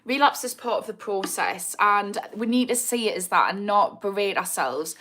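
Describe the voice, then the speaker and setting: A woman's voice: medium pitch, normal speed, a bit bright. A blunt woman in her thirties with a Geordie accent, hosting a live recovery Q&A and answering viewer comments, swearing freely. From Newcastle, England. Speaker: addiction recovery livestream host. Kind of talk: live Q&A chat.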